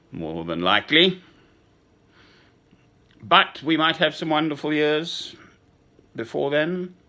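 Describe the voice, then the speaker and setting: A man in his sixties talking in a slow, sentimental, rambling personal monologue with chuckles. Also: fairly high pitch, animated, bright, forceful tone. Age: 60s. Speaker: speaker addressing a woman.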